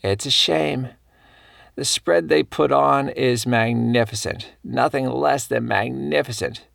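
A man's voice: mid-range voice, slow, gravelly, a bit bright, no echo, clean studio sound, full character voice. A man voicing a spry, cheerful elderly woman who loves local history and gossip. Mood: chatty.

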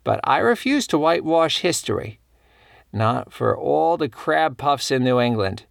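A spry, chatty old woman, as a male narrator puts her on, lifting his voice well above his own low register. The recording is dry and close, with a slightly gravelly edge. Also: sing-song, measured pace, dry recording, exaggerated voice. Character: spry elderly woman, cheerful local gossip.

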